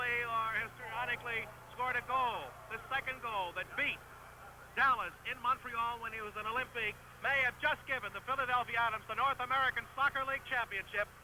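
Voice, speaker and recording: A man calling a live soccer match play by play, who gets excitable and shouts the goals, on an old broadcast recording. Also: extremely high pitch, noisy background. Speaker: play-by-play commentator.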